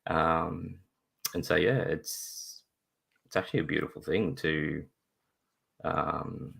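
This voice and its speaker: An Australian father, appearing as a guest in a live video interview, tells casual stories with lots of laughter, acting out voices as he goes. His deep, gravelly voice is low and raspy with a bright edge, and he's animated yet takes it slowly.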